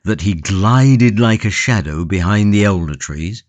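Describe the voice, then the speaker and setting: A man's voice: fairly low pitch, lively intonation, measured pace, dry recording. A man voicing a passionate, stoic imprisoned tulip grower in an audiobook, grave and impassioned. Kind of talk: audiobook character reading.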